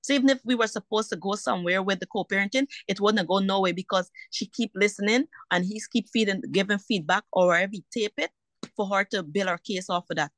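A woman's voice: medium pitch, quick pace, a bit bright, dry recording. A woman speaks with mounting indignation about her custody fight, circling back to her points again and again. Her voice sits in a middle register and is recorded dry and close. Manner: heated, repetitive, indignant. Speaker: mother in a custody dispute. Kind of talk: emotional personal account.

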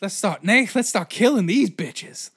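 A man's voice: sits high, lively intonation, unhurried, husky, pitched above the performer's own voice, full character voice. Man ranting as a vengeful murderous queen. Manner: loud, ranting, crude.

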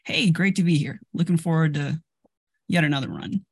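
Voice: mid-range voice, moderate pace, gravelly, husky. A player voicing an enthusiastic crew member who greets others eagerly. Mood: upbeat. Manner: eager and upbeat.

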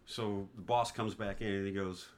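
Man, 50s, from the east coast, lowish voice, unhurried storyteller who acts out other people's lines. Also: steady tone. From East Coast of the United States. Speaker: guest, father of the host. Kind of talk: casual storytelling chat.

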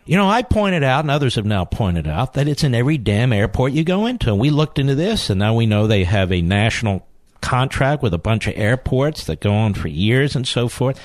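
Male talk radio host, emphatic and indignant, low lively voice, dry close mic. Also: a little fast, no echo. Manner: emphatic, indignant, rhetorical questions. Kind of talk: political talk radio monologue.

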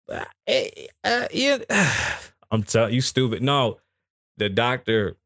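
A male podcast host talks loosely and profanely at a mid-range pitch, joking his way through a live show. His studio microphone gives a dry, close sound with no room echo. He rambles from one topic to the next. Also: wildly swooping pitch, takes it slowly, gravelly, a bit bright. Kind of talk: casual live show chat. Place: small studio.

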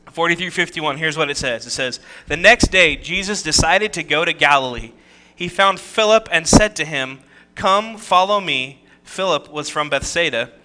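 A man's voice: fairly high pitch, normal speed, pushed and bright. A man preaching a conversational sermon, reading scripture and adding joking asides and rhetorical questions. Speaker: pastor.

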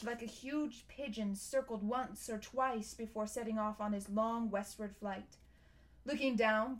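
A woman narrates a storybook aloud in an expressive, measured way. Her voice sits somewhat high.

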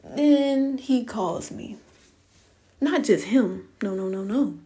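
A woman's voice: a little high, animated, slow, mellow. A young woman telling viewers a story in a casual storytime rant, blunt, profane and exasperated. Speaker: vlogger.

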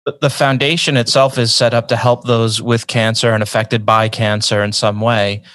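A man's voice: mid-range voice, little pitch movement, moderate pace, a bit bright, no room sound. Earnest man telling a story. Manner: earnest, repeats words as he talks. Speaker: guest. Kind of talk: casual conversation.

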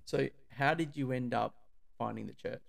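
A man hosting a casual podcast, halting, with many fillers and frequent laughs. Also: medium pitch, gravelly. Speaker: podcast host.

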